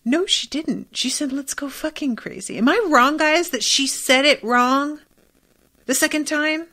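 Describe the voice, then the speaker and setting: Slow-talking, swearing podcast host woman. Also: high-pitched. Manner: animated, profane, bursts into laughter. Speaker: podcast host recapping a TV episode. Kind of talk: casual recap chat.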